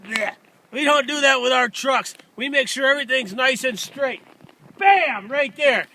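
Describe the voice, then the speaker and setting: A man giving a loud, excitable, folksy sales pitch outdoors while walking around a truck for sale. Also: moderate pace, creaky, a little hiss or hum. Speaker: used truck dealer. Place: outdoors by a truck in freezing cold. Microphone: handheld camera filmed by a helper.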